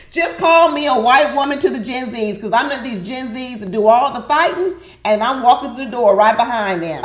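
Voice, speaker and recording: Sassy woman recapping TV, roomy. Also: on the high side. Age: middle-aged. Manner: sassy, animated, laughing, talks to the audience. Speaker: reality TV recap commentator. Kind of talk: casual recap commentary. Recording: roomy echo.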